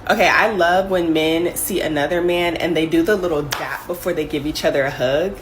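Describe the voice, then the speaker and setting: A young woman from the American South talks casually to the camera in a low, playful voice, and she breaks into laughs easily. A faint room hush sits behind her. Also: brisk, a little hiss or hum. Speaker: comedian.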